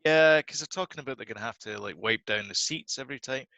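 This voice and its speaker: A man's voice: medium pitch, fast, gravelly, sharp tone, dry recording. A man co-hosting a podcast, chatting casually and laughing easily. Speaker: podcast co-host. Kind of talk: casual chat.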